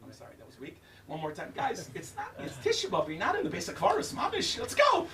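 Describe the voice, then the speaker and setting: An older man giving an impassioned Tisha B'Av lecture in a synagogue, shouting at its peaks and using Hebrew terms with a Yiddish-style pronunciation. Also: a little high, wildly swooping pitch, fast, echoey room, a crowd in the background. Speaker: guest speaker. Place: synagogue hall. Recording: distant room mic with faint noise.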